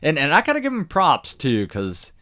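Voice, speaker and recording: A man's voice: a little high, wildly swooping pitch, normal speed, pushed and bright. A man co-hosting a podcast, chatting casually and throwing in teasing, dry quips. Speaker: podcast co-host. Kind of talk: casual chat.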